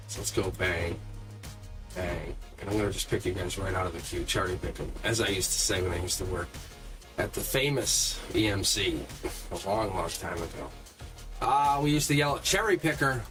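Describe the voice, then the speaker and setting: A man hosting a live tarot reading stream, chatting casually and rambling with lots of fillers and self-deprecating asides. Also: lowish voice. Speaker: tarot reader hosting a livestream. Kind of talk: casual livestream chat. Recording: music playing clearly behind the voice.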